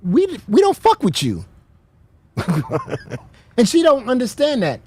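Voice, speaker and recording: A woman's voice: high-pitched, wildly swooping pitch, unhurried, dark tone. Blunt, profane American woman host. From United States. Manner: blunt and profane, mocking with laughter. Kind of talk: heated reaction commentary.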